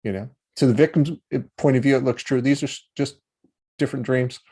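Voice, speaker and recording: A man teaching about healing in a relaxed, conversational way, acting out inner voices with changing tones and checking in with the listener. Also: medium pitch, fairly quick, slightly rough. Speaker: meditation teacher. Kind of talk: talk on healing.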